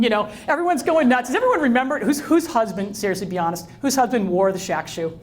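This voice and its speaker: A woman's voice: on the high side, fast, few pauses. A middle-aged woman giving a live talk, telling stories, acting out dialogue and asking the audience questions. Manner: lively storyteller who acts out dialogue and quizzes the audience. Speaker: speaker.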